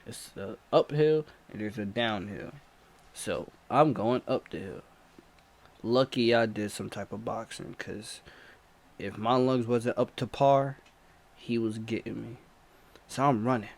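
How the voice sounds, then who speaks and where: A man's voice: medium pitch, a little slow. A man animatedly retelling a personal chase story in a slangy, repetitive, breathless way. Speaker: storyteller vlogger.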